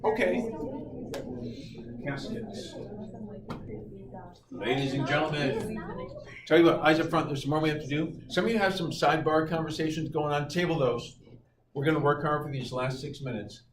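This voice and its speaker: A man's voice: fairly high pitch, fairly quick, crowd noise. Middle-aged man, joking classroom teacher, heard from across the room. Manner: lively, playful, jokes with students. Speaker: calculus teacher. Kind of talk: classroom lecture. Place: high school classroom. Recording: echoey classroom from far off, noisy.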